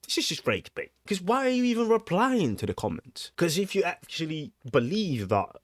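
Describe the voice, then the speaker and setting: A man's voice: high voice, very animated, normal speed, dry recording, studio quality. A man co-hosting a casual reaction video, reacting in an emphatic, exasperated way and often repeating himself.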